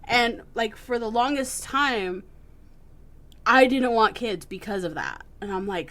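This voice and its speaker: A woman's voice: a little high, unhurried, fairly bright tone, slight background noise. A young woman co-hosting a podcast in casual chat, blunt and swearing freely, who likes to mimic whiny children. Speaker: podcast co-host.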